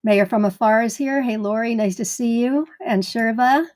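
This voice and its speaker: A woman's voice: a little high, moderate pace, a little mellow. A woman hosting a live gardening stream in casual chat, greeting viewers by name in a chatty way.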